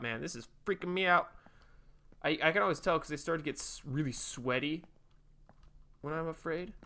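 A man giving casual, animated gameplay commentary from his home, jumpy and swearing freely. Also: mid-range voice. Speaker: let's play host. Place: home room with a cat nearby.

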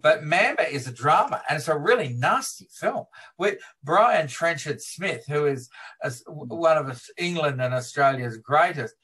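A man being interviewed as a film historian, retelling film scenes in a lively way and laughing as he talks. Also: fairly high pitch, normal speed, breathy edge. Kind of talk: animated interview storytelling.

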